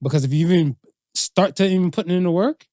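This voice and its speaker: A man co-hosting a casual chat podcast, his voice a touch higher than most men's. He talks loosely, with plenty of fillers, and acts out little quoted lines along the way. The recording is close and dry, with no room sound. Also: quick pace, warm tone, no room sound. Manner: conversational, drops into playful acted quotes. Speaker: podcast co-host.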